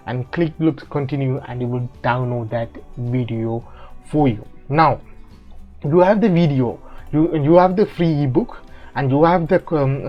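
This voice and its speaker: Halting man with lo-fi tutorial audio. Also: medium pitch. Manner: halting, many fillers and restarts, non-native phrasing. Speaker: online money-making tutorial host. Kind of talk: casual screen-recorded tutorial. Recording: dull lo-fi audio with faint music.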